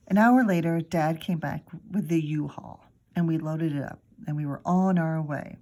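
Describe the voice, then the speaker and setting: A middle-aged woman teacher reading a children's book aloud with expressive, chatty asides. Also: deep voice, moderate pace, few pauses. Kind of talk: read-aloud storytelling for children.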